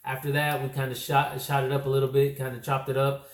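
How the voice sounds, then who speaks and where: A man from California telling a casual vlog recap, rambling and correcting himself, his voice slightly worn from yelling. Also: mid-range voice, monotone, fast talker. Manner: rambling, self-correcting storyteller. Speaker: comic book vlogger. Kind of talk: casual recap talk to camera. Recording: echoey room.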